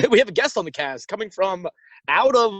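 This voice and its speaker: His high-pitched voice swings widely in pitch and has a fairly bright tone as this young podcast co-host rambles and cracks jokes in his parked car. The casual comedic chat is recorded on a phone held in his hand, and the quality is low.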